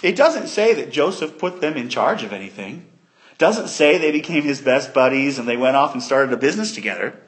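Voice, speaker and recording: A man preaching a sermon, retelling a story in an animated way that swings between loud and soft. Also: medium pitch, brisk.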